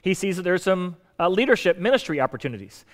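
A man delivering a sermon in a conversational teaching manner, with humorous asides and emphatic shifts in loudness. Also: sits high, very animated, fast. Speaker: pastor.

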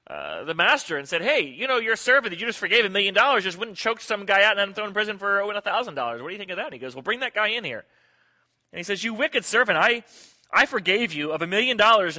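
A middle-aged pastor preaching a sermon, an animated storyteller who acts out the quotes in his stories. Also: a little high.

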